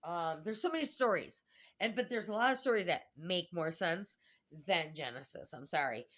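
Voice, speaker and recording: A woman's voice: fairly low pitch, expressive, normal speed, fairly bright tone. A middle-aged woman vlogging a rambling personal monologue, chatty, laughing often and trailing off mid-thought.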